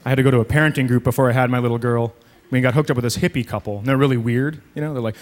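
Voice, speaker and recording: A man's voice: mid-range voice, fairly even intonation, very fast. A man in his thirties doing a sarcastic stand-up comedy set on a club stage, jumping into mocking voices. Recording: live club recording with crowd laughter and noise.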